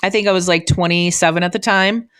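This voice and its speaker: A woman's voice: on the low side, steady tone, fast, a bit bright. Chatty, earnest woman host. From Minnesota. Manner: chatty, earnest and encouraging, with many "like"s and restarts. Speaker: podcast host and real estate agent. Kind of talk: casual solo podcast talk.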